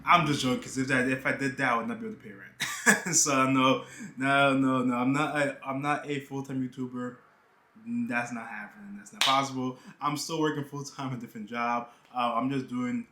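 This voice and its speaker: This YouTuber from New York, United States, is a young man talking casually for his vlog, cracking jokes and leaning on "you know." He speaks at medium pitch with fairly even intonation and a fairly quick pace. Boxes and bags fill the half-unpacked room, and the recording is reverberant with background noise.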